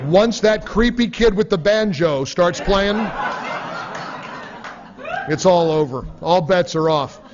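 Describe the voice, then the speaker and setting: A man's voice: sits high, slow, pauses often, noisy background. A man reading a nonfiction book aloud in a sarcastic, mocking manner. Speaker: audiobook reader. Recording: dull lo-fi recording.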